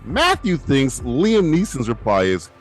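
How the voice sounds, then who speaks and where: A man's voice: mid-range voice, a little slow, faint music behind. A man hosting a comedy podcast, chatting casually and laughing often. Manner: laughing often, lively, drops into gravelly impressions. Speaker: podcast host.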